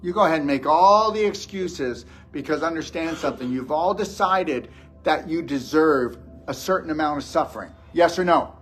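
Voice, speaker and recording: A man's voice: fairly high pitch, expressive, moderate pace, a bit bright, faint music behind. A man giving a blunt, scolding motivational lecture to a live audience as a wellness show host.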